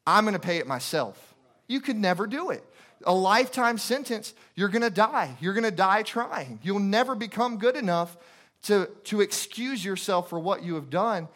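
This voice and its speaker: A man's voice: sits high, expressive, moderate pace, fairly bright tone. A man preaching a sermon as a guest preacher in a church, impassioned and repetitive, firing off rhetorical questions.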